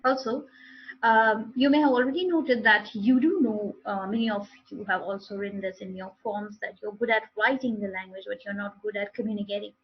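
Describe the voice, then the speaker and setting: A woman's voice: medium pitch, steady tone, fairly quick, husky, dull audio. A woman teaching a live online English speaking class, explaining with repeated and restarted phrases.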